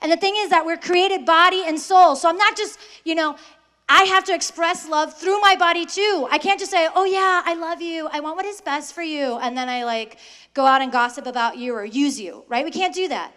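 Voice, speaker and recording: High-voiced woman giving a lively faith talk. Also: fairly quick. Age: young adult. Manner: lively, acts out quoted voices, asks the audience questions. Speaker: guest speaker to high school students.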